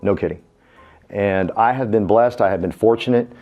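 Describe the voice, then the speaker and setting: Folksy low-voiced man telling stories. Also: normal speed, faint music behind. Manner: folksy, self-deprecating, jokey. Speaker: real estate business speaker. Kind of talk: casual storytelling talk. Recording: dull lo-fi sound.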